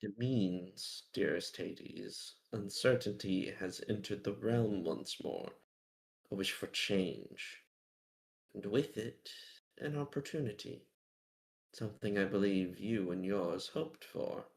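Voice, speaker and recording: A man voicing a sly, mysterious male keeper who speaks in a slow, breathy, riddling way. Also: fairly low pitch. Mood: cryptic.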